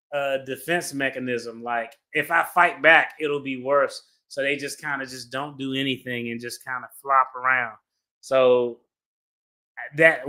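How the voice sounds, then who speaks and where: A man's voice: mid-range voice, sharp tone. A man giving casual reaction commentary as he reads a legal complaint aloud, blunt and profane, with slangy asides. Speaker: attorney reacting to a lawsuit.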